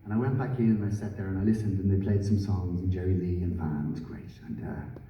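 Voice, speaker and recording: A man telling a rambling, self-deprecating story on a theatre stage, halting with fillers. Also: low-pitched, steady tone. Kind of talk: live on-stage anecdote. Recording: echoey hall from far off, dull audience recording. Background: audience noise.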